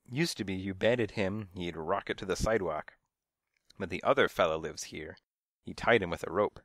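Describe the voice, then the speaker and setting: A man's voice: deep voice, moderate pace, fairly bright tone, no echo, studio quality. A man voicing a nosy, fussy old woman who scolds and gossips from her windowsill in a storybook reading. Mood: gossipy. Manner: fussy, scolding, hard of hearing.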